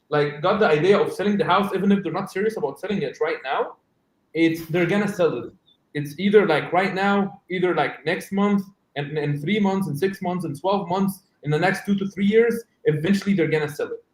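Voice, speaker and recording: A man's voice: sits high, echoey room, rough recording. A man from Egypt, chatting as a guest salesman on a video call in a loose, filler-heavy way. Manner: loose, filler-heavy, says "you know what I'm saying". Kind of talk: casual chat on a video call.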